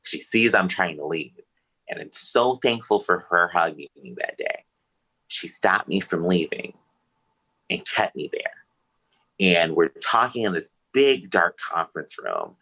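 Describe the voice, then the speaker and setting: Man, very low voice, sharp edge, earnest, emotional, personal story, podcast interview. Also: animated, unhurried, creaky, poor audio. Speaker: podcast guest.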